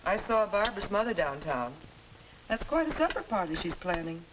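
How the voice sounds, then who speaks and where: An actress playing a polite, gently scolding mother in a 1950s educational film. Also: mid-range voice, big pitch swings, normal speed, a loud crowd, natural voice, rough recording. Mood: gentle.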